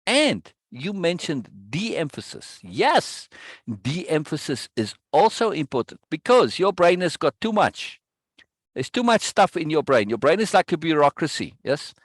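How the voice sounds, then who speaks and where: A man leads a coaching session with an emphatic, insistent delivery, constantly checking in with his listener. His voice sits a little high for a man, and the recording is dry, with no room sound. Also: big pitch swings, a little slow, husky, dry recording. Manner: emphatic, checks in with "right?" often.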